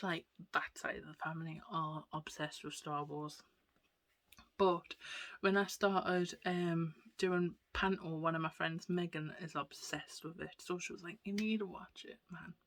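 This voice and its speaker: Chatty woman telling stories. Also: on the low side. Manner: chatty, rambling, drops into soft whispered asides. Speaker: vlogger. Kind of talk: casual storytelling chat.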